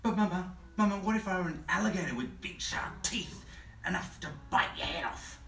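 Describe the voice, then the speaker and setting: A man's voice: animated, normal speed, fairly bright tone. A man putting on a pleading little girl. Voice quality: high whiny pleading voice. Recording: roomy distant mic, faint hum.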